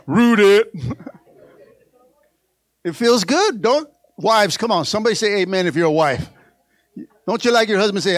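A man with a high voice preaches a playful sermon and keeps calling on the church to answer. He acts out little prayers and bits of dialogue, then slips into soft, low asides. The sound is dry and close. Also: expressive, moderate pace, pauses often, no room sound. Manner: playful, call-and-response preaching. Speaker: pastor.

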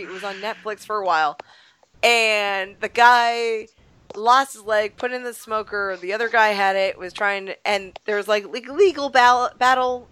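A woman's voice: a little high, a bit bright, dry recording. A woman from Rhode Island, chatting casually as a podcast co-host and telling rambling stories.

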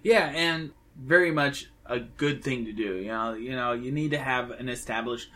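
Casual male podcaster, mid-pitched, rambling movie chat. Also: normal speed, fairly bright tone. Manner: chatty, enthusiastic, rambling with fillers.

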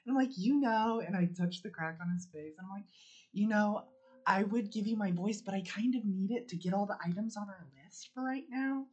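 A woman's voice: mid-range voice, fairly quick, a little mellow. A woman player in a tabletop game, talking in flirty, teasing banter. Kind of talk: tabletop role-play.

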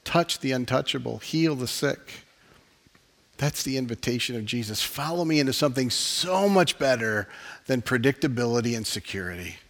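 A man's voice: medium pitch, animated, moderate pace. A man, a pastor, preaching earnestly and closing in a heartfelt prayer. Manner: earnest, impassioned preaching with soft laughs.

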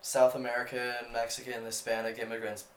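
A young man talks through numbers on a casual podcast, pausing and restarting as he goes. His voice sits in the middle range. The room around him is echoey, with a light hum of ambience. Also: mid-range voice, monotone. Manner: hesitant, restarts, many fillers. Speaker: podcast co-host. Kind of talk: casual chat, working out an estimate aloud.

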